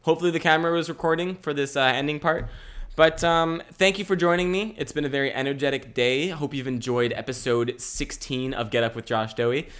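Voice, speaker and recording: A man's voice: a little high, fairly even intonation, a little fast, fairly bright tone, clear, resonant tone. Rambling young man podcasting. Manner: rambling, swearing, restarts. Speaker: podcast host. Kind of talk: casual solo podcast chat. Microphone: camera mic.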